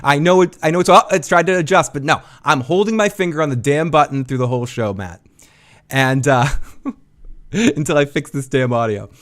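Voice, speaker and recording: A man with a Boston accent hosting a live show commentary, animated and quick to swear. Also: a little high. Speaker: podcast host.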